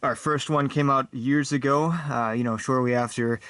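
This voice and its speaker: A man's voice: medium pitch, steady tone, normal speed, fairly bright tone, smooth, no room sound, lightly acted. A man doing an easygoing superhero guest. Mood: casual. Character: cheerful male superhero guest. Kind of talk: comedy sketch.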